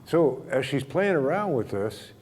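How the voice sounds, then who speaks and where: Mellow-voiced man teaching in a reverberant hall. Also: mid-range voice, very animated, a little slow, slightly rough. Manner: gentle and humorous, chuckles often. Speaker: spiritual teacher. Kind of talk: storytelling spiritual talk.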